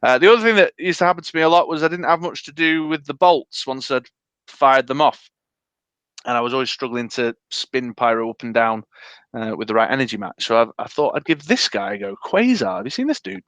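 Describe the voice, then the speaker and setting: A man's voice: medium pitch, animated, brisk, a bit bright, no room sound. A man co-hosting a casual live stream, rambling and hesitant with lots of fillers. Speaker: podcast co-host. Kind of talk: casual live-stream chat about a dice game.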